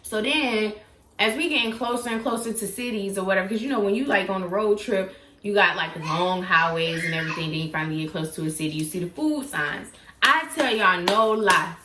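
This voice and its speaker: A young woman tells a personal story in a casual, animated vlog, acting out quotes with sudden leaps in pitch. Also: brisk, echoey room, noisy background. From South Florida. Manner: animated, dramatic retelling with acted-out quotes and sudden pitch jumps. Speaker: YouTuber telling a story.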